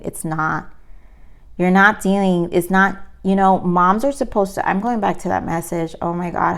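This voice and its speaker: A woman's voice: fairly low pitch, gravelly. Earnest woman giving a tarot reading. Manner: earnest, emphatic, repeats herself. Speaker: tarot reader.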